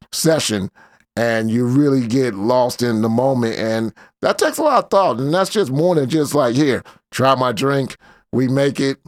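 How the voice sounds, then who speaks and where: With a medium-pitched, somewhat dark voice, this commentary show host talks loosely and casually, full of slang and fillers. The sound is clean studio audio with no room sound.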